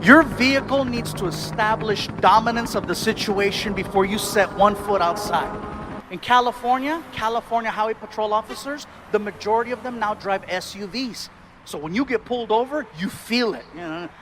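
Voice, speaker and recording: High-voiced animated stand-up comedian man. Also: normal speed, background noise. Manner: animated, excitable, acts out scenes. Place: comedy stage.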